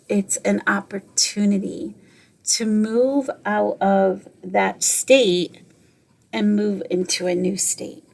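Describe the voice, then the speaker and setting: On her podcast, a middle-aged woman shares a personal story and offers motivational advice in an earnest way, repeating phrases and quoting others in her own voice. Her mid-range voice is creaky with a darkish tone.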